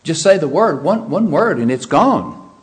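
A middle-aged man preaching a sermon, animated and vivid, jumping up in pitch when he acts out frightened voices. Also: a little slow. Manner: animated preaching, acts out quoted panic with sharp rises in pitch. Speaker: pastor.

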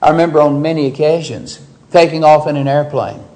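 Man, pastor, sermon, slightly high voice, dramatic pitch swings, acts out quotes. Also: a little fast, poor audio. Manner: expressive preaching, voicing biblical speakers with rises in pitch.

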